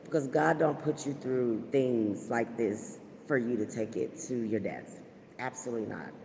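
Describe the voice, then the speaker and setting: A woman's voice: extremely low pitch, moderate pace, gravelly, darkish tone, a little hiss or hum. Heartfelt woman in a reverberant space. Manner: heartfelt, faith-filled, chatty with many fillers. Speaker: podcast host. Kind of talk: casual livestream chat with viewers. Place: at her workplace.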